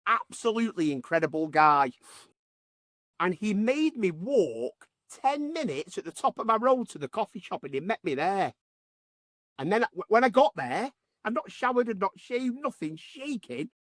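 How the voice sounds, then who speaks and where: A man's voice: high-pitched, fairly bright tone, dry recording, studio quality. A man, a podcast host talking in a casual, heartfelt way who repeats phrases for emphasis.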